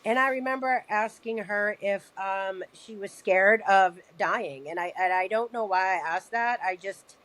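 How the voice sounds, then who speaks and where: A woman's voice: mid-range voice, unhurried, few pauses, a bit bright, rough recording. A woman speaking as a podcast guest, sharing a personal story in an earnest, emotional way. She often stumbles over her words and restarts sentences as she tries to find them.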